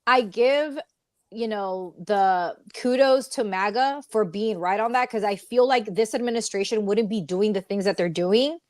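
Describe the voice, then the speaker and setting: A woman's voice: mid-range voice, a little slow, a little mellow, no room sound. Chatty, opinionated young woman on a dry mic. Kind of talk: casual political chat.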